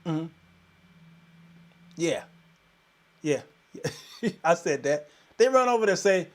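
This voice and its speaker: A man hosting a live-streamed talk show in a folksy, animated manner, greeting viewers by name. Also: a little high, takes it slowly, pauses often.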